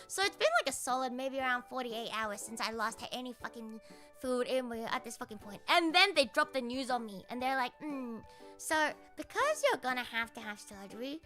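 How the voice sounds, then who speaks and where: A young woman streamer telling a story casually, animated and full of swearing, often laughing and mimicking other people. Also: high-pitched.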